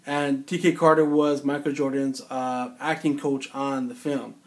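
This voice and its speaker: A mid-range male voice, showing little pitch movement, unfolds unhurriedly. The man, in his forties, casually recounts his time in film-set security as a rambling, incredulous conversational story.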